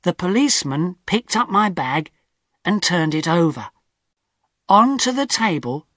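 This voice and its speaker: A man narrating a first-person story for language learners in a clear, expressive way. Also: sits high, dry recording, studio quality. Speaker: audiobook narrator.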